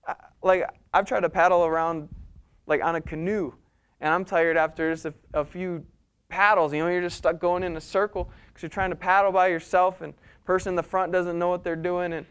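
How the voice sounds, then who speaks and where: Preacher, male, high and smooth-toned, animated storytelling from the pulpit. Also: fairly quick. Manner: animated storytelling preaching, swings between soft and loud. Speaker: pastor. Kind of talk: sermon.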